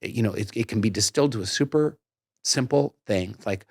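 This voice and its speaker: A middle-aged man hosting a podcast, talking in an animated, self-deprecating way. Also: on the low side, fairly quick, breathy edge, no echo, studio quality. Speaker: podcast host. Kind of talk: casual interview conversation.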